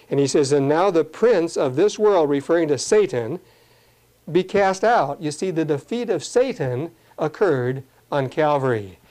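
A man delivers an earnest sermon, his voice mellow and pitched a little high. He slows down to read scripture, then explains it in plain everyday talk. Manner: earnest teaching tone, reads scripture slowly, asides in plain talk. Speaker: preacher.

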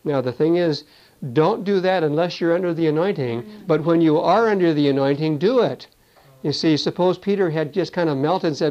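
A man's voice: on the high side, a little fast, a little mellow. A man teaching a Bible sermon in a conversational way, often adding "you see" and "you know.". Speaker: preacher. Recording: dull lo-fi recording.

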